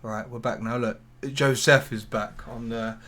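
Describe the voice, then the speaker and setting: Brief: podcast co-host, mid-pitched, rambling casual gamer chat. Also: male voice, steady tone, measured pace, bright, forceful tone. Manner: chatty, rambling, sweary.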